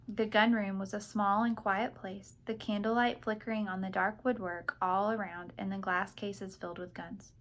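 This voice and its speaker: A woman narrating an audiobook in a steady storytelling manner. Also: medium pitch.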